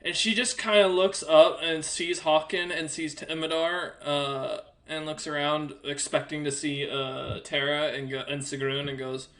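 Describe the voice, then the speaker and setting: A man's voice: on the high side, flat delivery, measured pace, few pauses, a bit bright. A man narrating as game master in a loose, laughing way, with many fillers.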